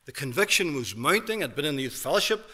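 A man in his fifties with a Northern Irish accent, a minister giving an emphatic testimony sermon in a church hall, dropping to a hush and then rising loud. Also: on the high side, big pitch swings, fast. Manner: emphatic preaching with big swings from hushed to loud.

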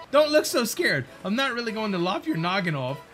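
A man's voice: high voice, big pitch swings, moderate pace, fairly bright tone, pitched above the performer's own voice. A man voicing a cocky male skeleton pirate sailor in a put-on British pirate accent, teasing and swaggering. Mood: menacing banter. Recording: game music behind.

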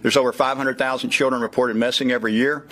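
A man's voice: medium pitch, fairly even intonation, quick pace, sharp tone. Texas guy in his fifties, southern drawl, folksy press conference talk with lots of uhs. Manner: folksy, frequent "uh" fillers. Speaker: child safety program speaker.

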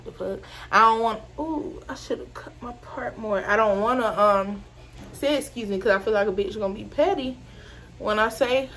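A woman, telling a casual, animated storytime full of swearing and laughter. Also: a little high, moderate pace. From Georgia, US. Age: 20s. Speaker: vlogger.

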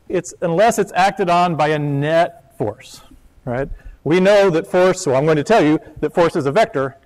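A man's voice: high voice, slight background noise. A man giving a physics lecture in a chatty, joking way, with poor lecture hall audio. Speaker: physics professor. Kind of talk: classroom lecture.

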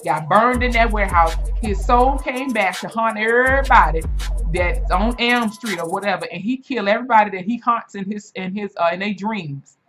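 A woman in her twenties hosting a reaction video, telling stories in a casual, animated and profane way. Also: normal speed, soft background music. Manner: animated, profane storytelling with big pitch swings.

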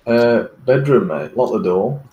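A man, teasing his friends loudly in a gaming voice chat and laughing often. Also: mid-range voice, expressive, measured pace, reverberant, dull audio. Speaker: gamer in voice chat. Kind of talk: casual banter.

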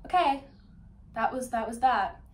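A woman's voice: a little high, lively intonation, a little slow. Chatty young woman vlogging at home. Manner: chatty, self-mocking, rambling. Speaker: YouTuber. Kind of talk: casual vlog chat.

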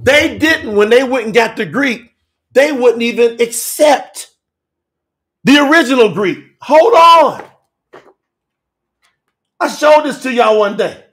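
A man preaching a fiery telethon sermon, emphatic and repetitive, swinging from shouts to hushed asides, with Southern US dialect grammar. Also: extremely high pitch, expressive, slow pace, pauses often.

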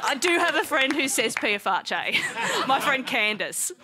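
A high, bright-pitched Australian woman delivers a stand-up routine on a studio stage, chatty and playful, often laughing into her punchlines. The stage mic carries a clear layer of noise under her voice. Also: lively intonation, moderate pace, a loud crowd. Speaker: stand-up comedian. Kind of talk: stand-up comedy set. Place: TV studio stage with live audience.

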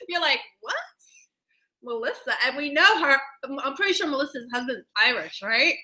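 Casting note: a woman with a bright, sharp voice, bubbly and giggly, greeting her live viewers. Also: sits high, lively intonation, moderate pace. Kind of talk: casual live-stream chat. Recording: echoey room.

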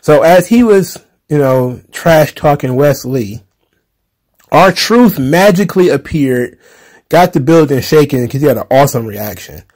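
A man's voice: a little high, expressive, a little slow, darkish tone. A man hosting a casual wrestling recap show, talking loosely with frequent laughs, sarcastic asides and plenty of filler words. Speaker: wrestling commentary podcaster.

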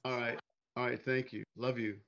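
A man from Missouri talks in a relaxed, halting way, full of fillers. His voice is gravelly at a middle pitch. The recording sounds somewhat dull and lo-fi. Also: background noise. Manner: easygoing, halting, many fillers. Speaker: interview guest, singer. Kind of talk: casual interview chat.

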